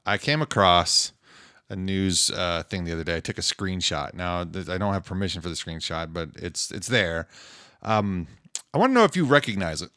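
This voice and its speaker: A middle-aged man hosting a podcast, talking in a relaxed, halting way with many pauses and restarts. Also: low voice, no room sound, studio quality. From Idaho. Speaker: podcast host. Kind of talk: casual podcast chat.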